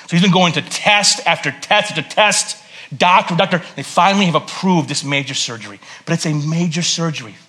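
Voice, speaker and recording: A man preaches to his church in a loose, conversational way, cracking jokes and then dropping into quiet, earnest tones. His voice is bright and cutting, pitched a little high for a man. He sounds like a pastor talking straight to his congregation. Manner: conversational and joking, swinging between loud bursts and hushed earnest tones. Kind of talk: sermon. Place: church service.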